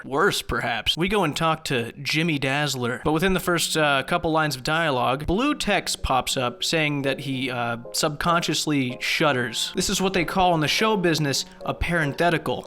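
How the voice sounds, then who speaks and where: A young man delivers comedic game commentary in a bright, forceful voice that sits a little high. He rants sarcastically and swears freely. Faint music plays underneath. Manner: sarcastic, profane, ranting. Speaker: gaming commentary host.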